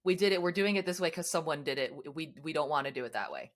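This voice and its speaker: American woman, low-pitched, laughing easily. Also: animated, quick pace. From United States. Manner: chatty, laughs often. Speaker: podcast host. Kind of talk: casual chat. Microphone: video call.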